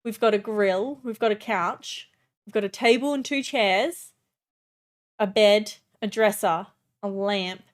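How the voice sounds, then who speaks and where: A young adult woman streamer giving casual, excitable gameplay commentary, chatty and swearing often. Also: mid-range voice, a little slow.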